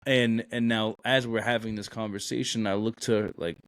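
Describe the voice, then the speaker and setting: A man's voice: lowish voice, steady tone, normal speed, dry recording, clean studio sound. Blunt New guy telling a story. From Brooklyn, New York. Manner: blunt, rambling, many "like" and "you know". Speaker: podcast host, Marine recruiter. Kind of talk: casual storytelling chat.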